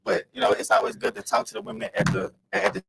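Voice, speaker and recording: A man's voice: high-pitched, fairly even intonation, quick pace, vocal fry, background noise. A man co-hosting a podcast, chatting loosely and rambling, often repeating his words. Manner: loose, rambling, repeats words, says "you know what I mean". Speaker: podcast co-host. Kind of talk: casual group chat.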